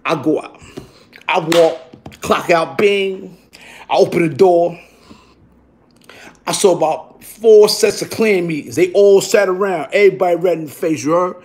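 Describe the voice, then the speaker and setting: A man with a high, slightly mellow voice tells a profane, streetwise story from his workday, taking his time with long pauses. In this casual spoken storytelling, he acts out the other people and makes the sound effects himself.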